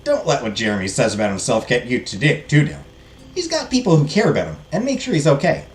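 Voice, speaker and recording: A man voicing a cheerful, sweet teenage boy in a game, bright and gushing, in an echoey room with faint music behind. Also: mid-range voice, huge pitch swings, fast.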